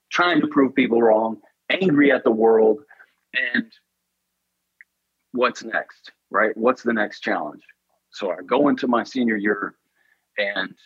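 A man's voice: fairly low pitch, slightly rough, no echo, muffled recording. A man in an interview, telling a personal story in an earnest, intense way. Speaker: podcast guest.

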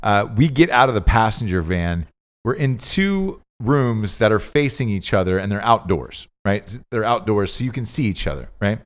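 A man chatting on a podcast, starting a story in a relaxed manner. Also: lowish voice, moderate pace. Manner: relaxed storytelling, chimes in with short replies. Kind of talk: casual chat.

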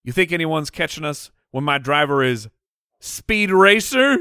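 Lively bright-voiced man teasing his co-hosts. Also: fairly high pitch, unhurried, clean tone, dry recording, studio quality. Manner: teasing, animated, mock-indignant. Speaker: podcast co-host. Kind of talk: casual comedy banter.

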